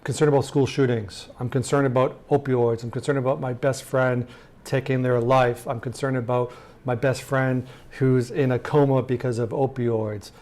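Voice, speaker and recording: A middle-aged polling director appears as a guest speaker, both at a conference talk and in a TV interview. His mid-range, slightly mellow voice is flat and moderately paced, conversational, peppered with fillers and rhetorical check-ins.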